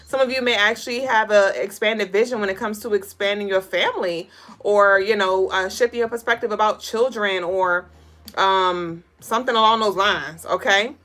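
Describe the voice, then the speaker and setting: A woman's voice: mid-range voice, fairly even intonation, normal speed, fairly bright tone. Chatty, profane woman hosting a tarot stream. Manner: chatty, profane, laughs often, reads chat comments aloud. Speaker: host giving daily spiritual readings. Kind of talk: casual livestream tarot chat.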